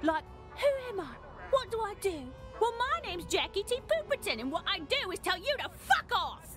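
A woman's voice: very high voice, very animated, moderate pace, over music. A woman voicing a hostile, foul-mouthed alien city dweller in a video game, snapping and swearing irritably. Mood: angry.

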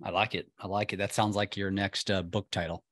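A man's voice: low voice, flat delivery, brisk, fairly bright tone, no echo, studio quality. A man hosting a podcast interview, asking long, searching questions in a casual, emphatic way. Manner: conversational, with frequent restarts and emphatic questions. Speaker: podcast host.

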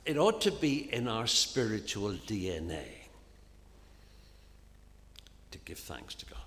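A man preaching an earnest sermon in a church, often dropping to a soft, hushed voice on key phrases. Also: medium pitch. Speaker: minister preaching. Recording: long reverb of a church hall, faint ambience.

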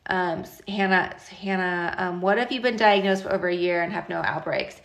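A woman in her thirties hosting a live stream, talking casually and directly to her viewers in an animated, chatty way. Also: fairly low pitch, brisk, creaky. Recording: echoey room.

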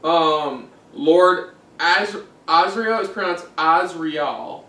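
Guy co-hosting a reaction show, lots of ums, kinda high voice, echoey room away from the mic. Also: normal speed, fairly bright tone. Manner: hesitant, many ums, restarts. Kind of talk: casual recap chat. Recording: echoey room, mic at a distance, faint noise.

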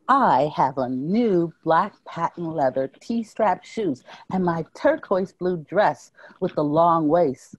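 A woman author reading her own short story aloud at a library talk, slow and measured. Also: low-pitched, darkish tone, no room sound, rough recording.

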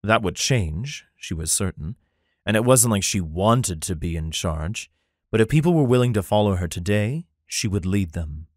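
Guy reading an audiobook, low voice, dry booth sound, plain even delivery. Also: moderate pace, dry recording. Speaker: audiobook narrator. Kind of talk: scripted narration.

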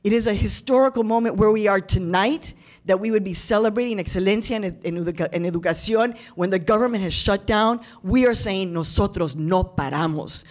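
A woman's voice: medium pitch, brisk, a little mellow. A woman delivering a passionate keynote speech, mixing in Spanish phrases and acting out quoted voices. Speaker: keynote speaker. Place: large event hall with audience.

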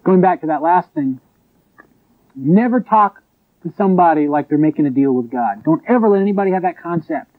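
A man preaching a sermon in an emphatic way, with sharp rises and drops. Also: a little high, animated, brisk. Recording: tinny phone-like lo-fi recording.

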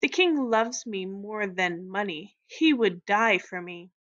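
A woman's voice: mid-range voice, slow, a bit bright, dull audio. A woman voicing a cool, vain female fashion doll in a read-aloud storybook. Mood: haughty. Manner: cool and haughty.

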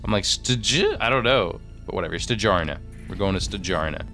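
A man's voice: deep voice, fast, a bit bright, soft background music. A young man streaming a video game, thinking aloud and rambling through menus in casual commentary into a desk microphone.

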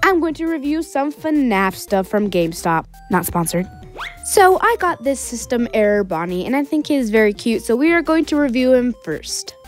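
A woman's voice: fairly high pitch, sing-song, normal speed, faint music behind. A woman hosting a casual toy unboxing vlog, chatty and bubbly, laughing at herself now and then. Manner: bubbly and chatty, giggly asides. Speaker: toy reviewer.

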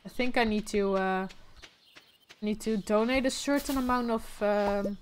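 A woman's voice: medium pitch, fairly even intonation, a little slow, slight background noise. A young woman streaming a game, keeping up a casual running commentary and often correcting herself. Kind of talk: casual gameplay chat.

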